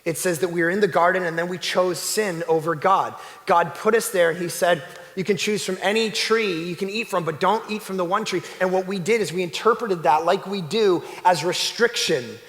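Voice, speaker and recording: A man preaching a sermon as a pastor, animated, swinging between loud exclamations and hushed emphasis. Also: sits high, normal speed, in a large hall. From Canada. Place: church sanctuary.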